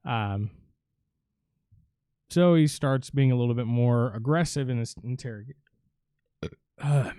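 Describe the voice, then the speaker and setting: A male live streamer with a mellow, dark, smooth voice, talking through a film recap in a rambling way. He swears freely and leans on fillers, and the sound is dry and close. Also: mid-range voice, dry recording. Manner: rambling, profane, with many fillers.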